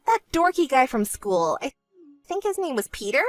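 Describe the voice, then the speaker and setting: A woman voicing a vain, self-centered young woman who talks in a smug, whiny way and turns shrill when angry, in an animated story. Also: moderate pace, faint music behind. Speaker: bride-to-be sister.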